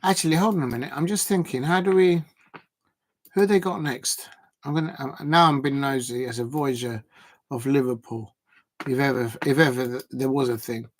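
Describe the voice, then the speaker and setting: A male football stream host in his 40s talks at normal speed in a medium-pitched voice. Loose and chatty, he rambles, thinks aloud, and fills his casual live chat with viewers with lots of ums and other fillers.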